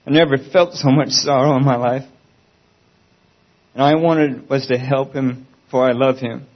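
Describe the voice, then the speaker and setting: A man speaks in an earnest, pleading way as he gives a spoken Christian testimony. His voice sits at an ordinary pitch for a man. The recording is dull and lo-fi. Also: steady tone, a little slow.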